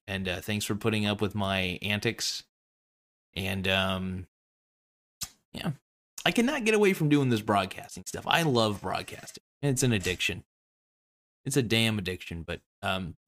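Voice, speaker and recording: A man's voice: lowish voice, fairly bright tone. A man hosting his own online show, rambling through a goofy, self-mocking sign-off that jumps between topics.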